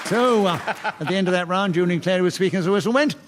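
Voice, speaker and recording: A man chairing a radio comedy panel game, giving brisk, genial rulings and reading out scores. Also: sits high, over a noisy crowd, heavy background noise. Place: radio studio with live audience.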